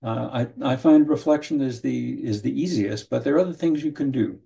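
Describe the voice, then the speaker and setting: A man teaching counseling skills in an online training session, speaking in a measured way, often repeating his first words and briefly acting out what a client and a counselor might say. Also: mid-range voice, creaky, mellow. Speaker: trainer teaching motivational interviewing. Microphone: video call.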